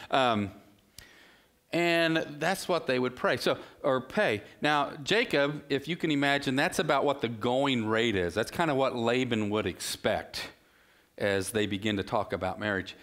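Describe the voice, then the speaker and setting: A middle-aged male pastor with a medium-pitched voice preaches a sermon in a relaxed, conversational way, sprinkling in rhetorical questions and asides.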